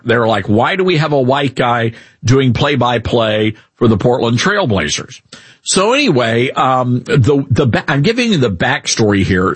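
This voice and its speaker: A man with a Southern accent hosting a casual talk radio show, animated and mocking in tone. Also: mid-range voice, slightly rough, no echo. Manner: animated, mocking, puts on exaggerated drawls.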